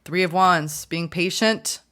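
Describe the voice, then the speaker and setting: A woman reading tarot for her viewers, chatty and upbeat, often gushing with excitement. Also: lowish voice, slow pace. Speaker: tarot reader.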